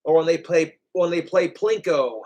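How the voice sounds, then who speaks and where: A man's voice: fairly high pitch, normal speed, a little mellow. A man talking in a rambling casual vlog to his camera, cursing often and groaning between thoughts. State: in pain from a hurt toe. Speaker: vlogger.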